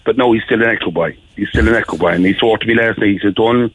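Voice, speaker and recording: A man from Ireland with a Cork accent calls in to a radio show over a tinny phone line, chatting casually and rambling with plenty of fillers. His lowish voice is rapid-fire with a breathy edge, and the recording is dry.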